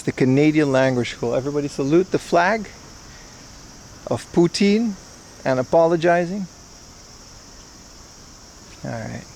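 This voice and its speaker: A man's voice: a little high, a little mellow, slight background noise. A young man hosting a livestream, chatting casually and jokingly with viewers while walking outdoors through town streets. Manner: joking, wry, rambling. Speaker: livestream host. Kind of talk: casual chat with stream viewers.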